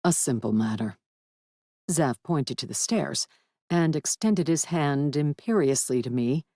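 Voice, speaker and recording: A woman reads a first-person audiobook with a wry, lively storytelling manner. Her voice sits low, and the recording is close and dry with no room around it. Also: unhurried, dry recording. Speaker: audiobook narrator.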